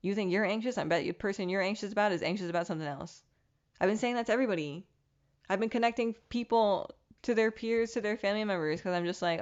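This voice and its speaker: A woman's voice: medium pitch, fast talker, muffled recording. A woman hosting her own podcast, talking candidly and reflectively in a casual motivational monologue with the odd curse. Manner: candid, reflective, mildly profane self-help talk. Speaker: podcast host.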